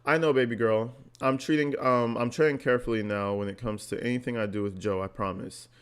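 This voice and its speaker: A male vlogger reads text messages aloud and reacts with blunt, sarcastic remarks, swearing freely. His voice sits at an ordinary mid pitch. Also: fairly even intonation, a little fast, smooth. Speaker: commentary vlogger.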